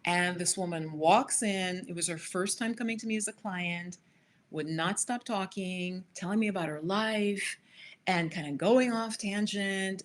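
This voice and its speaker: A woman's voice: lowish voice, normal speed, a little hiss or hum. A woman coaching viewers on a live stream, telling a personal story with frequent direct asides to them. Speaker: spiritual manifestation coach hosting a live stream.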